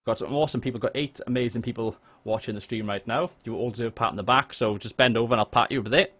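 A man with a Welsh accent chatting jokily and excitably while livestreaming a game, swearing now and then. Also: medium pitch, racing. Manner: excitable, jokey, swears freely. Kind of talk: casual live gameplay chat. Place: home room.

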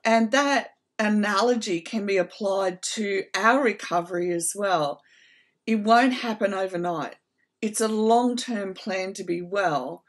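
Earnest middle-aged woman giving heartfelt advice. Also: mid-range voice. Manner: earnest, heartfelt, checks in with listeners. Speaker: host. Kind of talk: casual advice talk to viewers.

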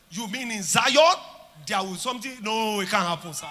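A man with a Nigerian accent preaching a sermon at a church conference, declaring and shouting, then dropping to quieter talk. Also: high voice, moderate pace, long pauses, long reverb tail. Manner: declaring and shouting, swinging between loud and soft. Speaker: pastor.

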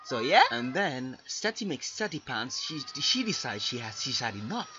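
A young man giving excitable, ranting commentary over his gameplay. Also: moderate pace, highs cut off. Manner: excitable ranting with big pitch swings. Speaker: gaming video creator. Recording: noisy background.

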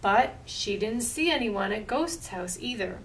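A woman reading a picture book aloud at a library storytime, slow and expressive. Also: on the high side, distant mic, slight background noise, poor audio.

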